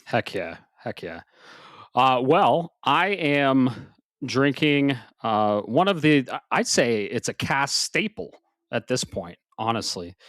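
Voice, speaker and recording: A man co-hosting a casual gaming podcast, slightly out of breath, swearing freely and swinging from loud bursts to low mutters. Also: big pitch swings, slow pace, dry recording. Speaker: podcast co-host.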